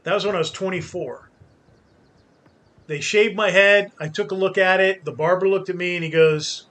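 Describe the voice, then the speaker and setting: High, bright-voiced man rambling philosophically. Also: steady tone, normal speed. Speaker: gaming channel host. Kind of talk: casual commentary over gameplay.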